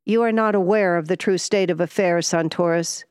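A woman's voice: lowish voice, steady tone, normal speed, darkish tone, clear, resonant tone, dry recording, studio quality, lightly acted. A woman voicing a testy, ailing older male millionaire who speaks with vexed impatience.

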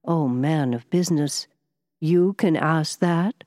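A woman voicing a calm, serious male wizard and scientist who speaks quietly and in a measured way. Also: low-pitched, dry recording, clean studio sound.

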